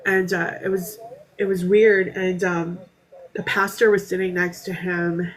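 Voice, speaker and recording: A woman speaking as a podcast panel guest, telling a personal story candidly in a halting way, with many fillers and restarts, and sometimes trailing off softly. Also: fairly low pitch, little pitch movement, rough recording.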